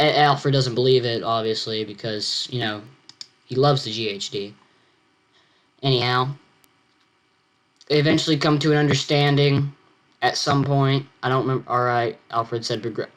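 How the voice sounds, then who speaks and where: Teen boy reading his own sci-fi story out loud, halting, keeps breaking off to explain stuff. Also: medium pitch. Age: teens. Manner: halting, self-interrupting, comments on own text. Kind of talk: reading own fiction aloud with asides.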